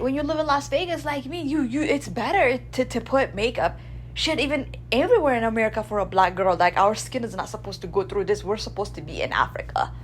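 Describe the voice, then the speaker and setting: A woman from Ethiopia, hosting a radio show in a blunt, animated monologue. She swears freely and keeps asking her listeners "right?". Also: mid-range voice, slight background noise. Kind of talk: casual opinion monologue.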